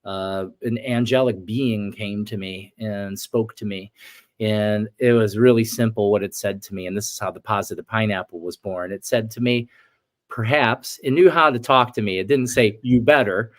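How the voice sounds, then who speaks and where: A man's voice: fairly low pitch, normal speed. A man in his forties, a shaman guest on an interview show, telling a personal story earnestly and acting out his past outbursts.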